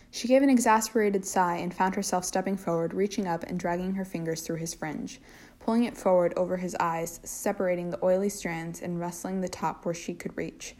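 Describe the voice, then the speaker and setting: A woman reads a story aloud in a low, even voice. She keeps a steady pace and sometimes stumbles and restarts a word. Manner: steady reading with occasional slips and restarts. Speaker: fanfiction reader. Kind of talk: reading fiction aloud.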